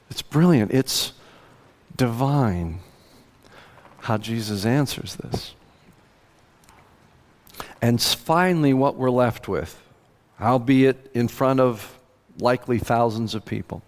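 A man's voice: mid-range voice, long reverb tail. A middle-aged man preaching a sermon as pastor, speaking conversationally and acting out the voices in the story. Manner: conversational, animated quotes of biblical voices. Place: church sanctuary.

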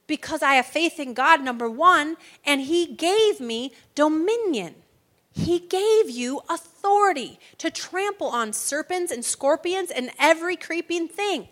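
Woman preacher, bright higher voice, emphatic sermon delivery. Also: lively intonation, measured pace. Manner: emphatic, preacherly, asks for agreement.

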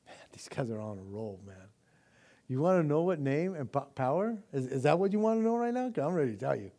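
A man's voice: on the high side, very animated, fast talker, mellow. Casual, impassioned male preacher. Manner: casual, slangy preaching that keeps saying "man"; builds to impassioned, rising intensity. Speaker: pastor. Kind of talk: sermon.

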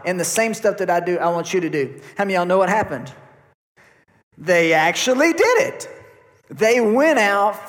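A male pastor preaching a sermon to his congregation, asking the listeners questions. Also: high-pitched. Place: church sanctuary. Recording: long hall reverb.

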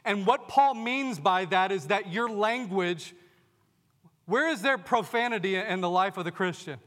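A man preaching a sermon, his high, bright voice ringing through a church sanctuary with a long reverb. He keeps putting rhetorical questions to his congregation. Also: unhurried. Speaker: pastor. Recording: long reverb of a large hall.

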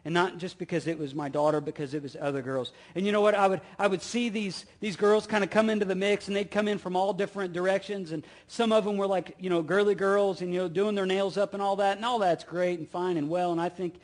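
A middle-aged man preaching with a notably high voice. He pushes his points with rising, swelling emphasis and repeated phrases, then drops low and quiet for asides. He keeps asking the listeners rhetorical questions. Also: fairly even intonation, fast talker, hardly any pauses. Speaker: pastor. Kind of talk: sermon.

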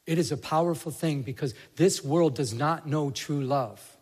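A man's voice: on the high side, normal speed, a little mellow, husky. A man preaching a sermon in a conversational way that builds to passionate emphasis. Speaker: pastor. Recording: reverberant hall.

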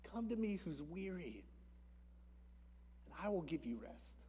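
A man preaching a sermon as a pastor in a church, moving between hushed whispers and loud, impassioned calls. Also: high voice, very animated, a little slow, a little hiss or hum. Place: church sanctuary.

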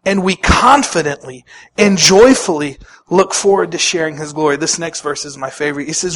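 Husky guy preaching, voice sits high, gets loud then drops way soft, acts out the people he quotes. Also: moderate pace. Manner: animated preaching, acting out quoted speakers, with sudden loud and soft turns. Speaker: pastor. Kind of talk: sermon.

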